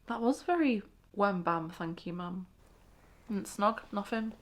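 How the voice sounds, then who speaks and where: A woman's voice: medium pitch, expressive, unhurried. A woman hosting a reaction video, exclaiming, gasping and laughing as she comments casually.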